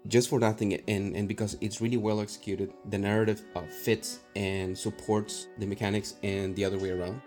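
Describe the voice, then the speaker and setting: A man giving a measured, analytical game critique on a podcast. His voice is low, flat and mellow. Faint guitar music plays behind him. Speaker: podcast co-host.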